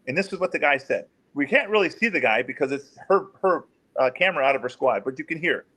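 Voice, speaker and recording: Animated storytelling man, slightly high voice. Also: fast. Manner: animated, acts out quotes in raised pitch. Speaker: guest, former police officer. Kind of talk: storytelling in an interview.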